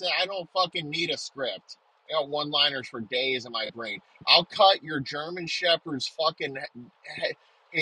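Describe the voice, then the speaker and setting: A man's voice: on the high side, sharp tone, breathy edge, low-quality recording. A man delivering an aggressive comedic rant, swearing nonstop and hurling insults.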